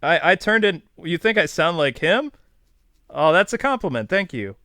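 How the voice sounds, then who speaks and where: A man's voice: fairly high pitch, very animated, normal speed, bright, forceful tone, no echo. Rambling, joking man streaming live. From New York. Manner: rambling, self-deprecating, jokey. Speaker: streamer host. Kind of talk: casual live-stream chat.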